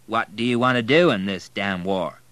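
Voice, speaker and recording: A man reading aloud, voicing an energetic, commanding male American army general in a raised voice. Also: on the low side, normal speed, clean tone, no room sound, natural voice.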